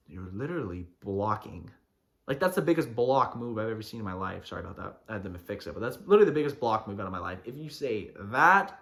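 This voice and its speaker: A man rants through his own podcast, getting fired up and mocking people as he goes. His voice swings widely up and down in pitch, never staying flat for long. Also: quick pace. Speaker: podcast host. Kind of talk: casual ranting monologue.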